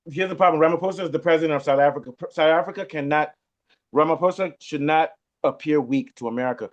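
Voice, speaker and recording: A forceful man leads a panel discussion, often cutting in on the others. His voice sits a bit high for a man. It comes through dull and lo-fi. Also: quick pace. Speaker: host. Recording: dull lo-fi sound.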